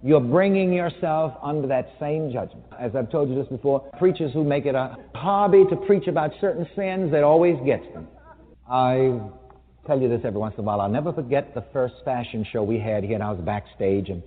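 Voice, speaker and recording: A man's voice: medium pitch, fairly quick. A man preaching a sermon to an audience in a large hall, emphatic and wry, with a teasing edge. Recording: tinny phone-like sound with long hall reverb.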